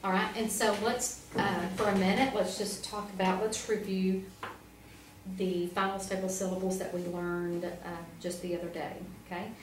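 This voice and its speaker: A woman's voice: medium pitch, flat delivery, moderate pace. Woman teacher, patient, encouraging, heard from a distance, echoey room, faint hiss. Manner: patient, encouraging, step-by-step prompting. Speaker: reading teacher. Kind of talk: one-on-one tutoring demonstration. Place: classroom. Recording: roomy, from far off, faint noise.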